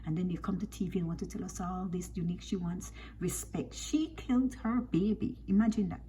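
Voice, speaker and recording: A woman commenting on a reality show, scolding and animated, firing off rhetorical questions. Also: lowish voice, a little fast, a little hiss or hum.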